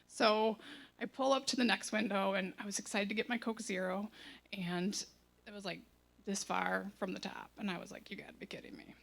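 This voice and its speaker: A woman, telling a personal testimony in a casual, animated way and acting out the voices in it. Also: medium pitch, normal speed, gravelly. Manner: chatty, animated, acts out quoted lines. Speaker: church member sharing a testimony.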